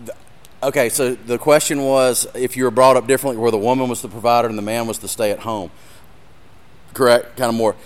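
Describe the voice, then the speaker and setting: Here the ministry speaker's medium-pitched voice stays fairly even while moving at a fairly quick pace. In an earnest sermon with a live demonstration, he addresses the audience directly and gets more emotional.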